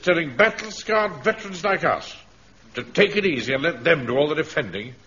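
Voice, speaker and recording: A pompous home guard captain. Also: male voice, on the high side, lively intonation, a little fast, bright, forceful tone, slightly rough, full character voice. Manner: pompous, officious. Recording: dull archive radio recording.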